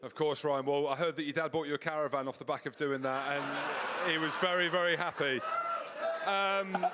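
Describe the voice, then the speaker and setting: A man from Scotland hosts a live rugby fan night, a touch high in pitch. He jokes and plays to the crowd, his voice trailing off into a long reverberant hall. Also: fairly even intonation, moderate pace, very noisy. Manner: joking, upbeat crowd-pleasing. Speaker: host. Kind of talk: live fan show banter. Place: clubhouse before a live audience.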